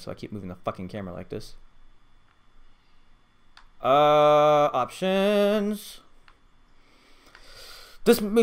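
A man giving live gameplay commentary, swearing constantly and swinging from low muttering to loud excited outbursts. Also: creaky. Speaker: gamer.

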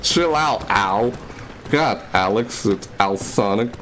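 Young male let's-play host, nervous horror commentary, lively pitch, unhurried delivery, noisy background. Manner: jittery, scared, talks to himself; jumps into high yelps when startled. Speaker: gaming YouTuber. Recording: steady background noise.

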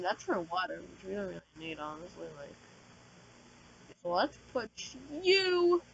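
A woman giving casual, slangy gameplay commentary as a channel host, talking loudly and excitably. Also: on the low side, dull audio, slight background noise. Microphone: desk microphone.

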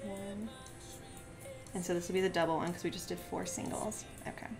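A woman chatting quickly with lots of filler words while she works on a craft during a live stream, now and then counting softly under her breath as she stands at her desk at home. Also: lowish voice, steady tone, over music. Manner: fast-talking with many filler words.

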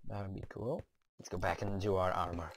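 A young man doing let's play commentary, excitable, talking to the creatures in his game and cursing now and then. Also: deep voice, fairly quick, background noise. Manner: excitable, talks to the game's creatures, curses.

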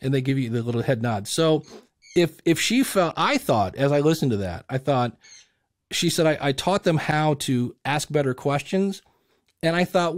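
A man chatting on a podcast, his voice sitting a bit high as he bounces through anecdotes. He acts out little quoted exchanges with energy. The sound is dry and close. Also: moderate pace, dry recording. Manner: animated storyteller acting out quotes. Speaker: podcast guest and coach. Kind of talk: casual podcast chat.

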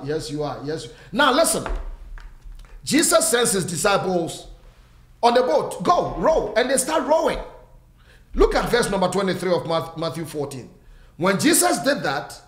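A man's voice: sits high, echoey room. A man preaching a sermon with fervent, repetitive exhortations, calling out and greeting his online viewers by name.

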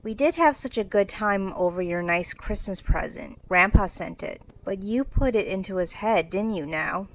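Woman reading eager tomboyish teen girl, blunt and lively, storybook. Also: medium pitch, moderate pace, hardly any pauses, close to an everyday voice, poor audio. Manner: eager, outspoken.

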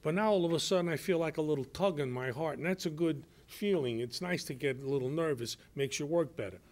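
Man, radio guest, animated storyteller, voices the people in his tale, slightly higher pitch. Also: fast. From Brooklyn, New York. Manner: animated, acts out quoted voices. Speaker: guest actor and nightclub comic.

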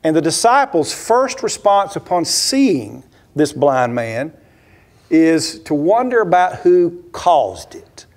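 A man's voice: fairly high pitch, sing-song, slow, a little mellow. A man, a pastor, preaching a sermon in a church, telling a story with many rhetorical questions and acting out the voices he quotes. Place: church sanctuary.

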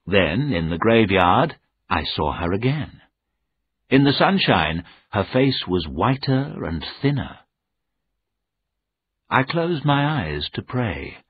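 A man reading a graded-reader novel aloud as scripted narration, in a measured, plain storytelling manner. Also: lowish voice, big pitch swings, a little hiss or hum. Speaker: audiobook reader. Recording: narrow phone-like sound.

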